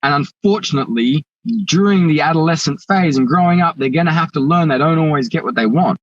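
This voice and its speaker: A man's voice: fairly high pitch, a little fast, dry recording, highs cut off. A young man speaking as a podcast guest, candid and casual, swearing freely as he talks.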